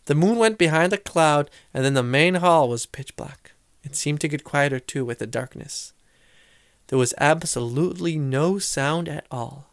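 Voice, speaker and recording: Storybook reader, a man with a high voice, dry close recording, lively character voices. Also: moderate pace, dry recording. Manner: expressive, shifting voices for characters. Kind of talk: storybook read-aloud.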